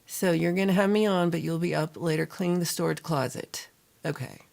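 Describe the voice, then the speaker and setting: A woman's voice: lowish voice, brisk, vocal fry, a little mellow. A woman hosting a casual livestream chat, rambling and reading viewer comments aloud, a little tired and sluggish. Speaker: livestream host.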